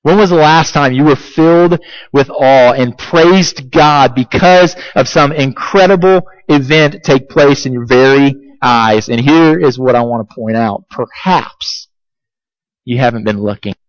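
Slow, deliberate male preacher. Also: mid-range voice, dry recording, highs cut off. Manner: asks repeated rhetorical questions, emphatic and deliberate. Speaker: pastor. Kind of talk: sermon.

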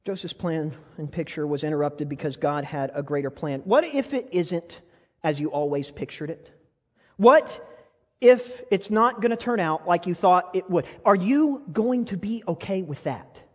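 In this sermon, a man at the pulpit uses a high, earnest voice to barrage the congregation with questions, building to fervent pleas. His intonation is lively, his pace moderate, and a large church hall lends a long reverb.

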